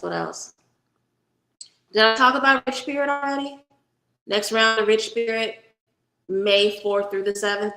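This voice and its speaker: A woman's voice: mid-range voice, fairly bright tone, echoey room, poor audio. A woman hosting a casual livestream, chatting directly with viewers and giving a tarot reading, swearing freely. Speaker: spiritual reader and livestream host.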